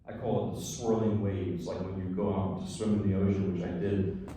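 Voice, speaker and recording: A man's voice: deep voice, fairly even intonation, normal speed, warm tone, slight background noise. Man talking in a big echoey hall. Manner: conversational and digressive, with frank asides. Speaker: pianist giving a lecture recital. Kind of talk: informal spoken introduction between pieces. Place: concert or recital hall. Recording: very echoey hall, voice far from mic.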